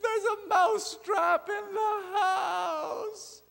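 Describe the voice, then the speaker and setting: A frantic little mouse in a storytelling sermon, crying out in a very high, squeaky voice that strains toward a shout. The voice rings through the long reverb of a big hall. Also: male voice, fairly even intonation, extremely slow, gravelly, heavily acted. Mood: panicked. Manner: squeaky, shrill pleading cries. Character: small panicky male mouse.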